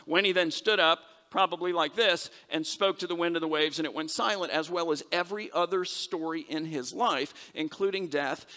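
A man delivers a sermon as pastor, talking in a bright, forceful, slightly high voice. He is conversational and animated, jumping into quoted voices as he tells his stories. A long reverb from the church sanctuary trails behind each phrase.

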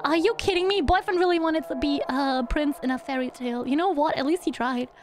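A woman's voice: high-pitched, fairly quick. A young woman streamer giving playful, bubbly live gameplay commentary and humming little sound effects. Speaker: VTuber streamer.

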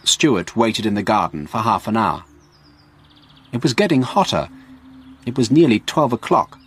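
A man narrating a graded English story for learners in a slow, clear reading voice. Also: fairly low pitch, lively intonation, fairly bright tone, a little hiss or hum.

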